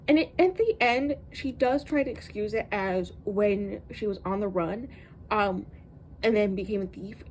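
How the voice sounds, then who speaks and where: A woman book vlogger in a casual review, ranting in an exasperated, animated way with plenty of ums and likes. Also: a little high, a little hiss or hum, rough recording.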